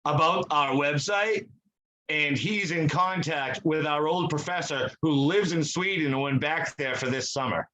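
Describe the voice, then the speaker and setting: Bright-voiced rambling young man. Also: on the high side, unhurried, low-quality recording. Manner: rambling storyteller, swears a lot, acts out quotes. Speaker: podcast co-host. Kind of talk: casual chat.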